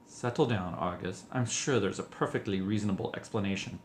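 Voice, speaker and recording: A man voicing a calm elderly male headmaster who speaks quietly and measuredly. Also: fairly low pitch, a little fast, echoey room, slight background noise, lightly acted.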